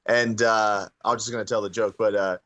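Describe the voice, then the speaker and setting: A man's voice: on the low side, flat delivery, moderate pace, a bit bright, no room sound, dull audio. A man co-hosting a casual live stream, retelling jokes loosely, with stumbling restarts. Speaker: co-host.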